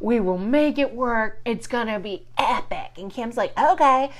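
A woman's voice: fairly high pitch, a little slow. A woman telling a story in casual chat, swearing often and acting out quotes with big jumps in her voice.

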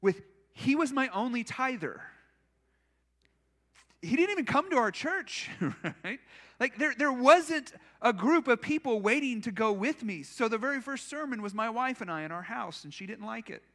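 A man's voice: very high-pitched, animated, moderate pace, fairly bright tone. A male pastor preaching a sermon in a church, telling personal stories in a conversational, self-deprecating way. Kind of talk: storytelling sermon.

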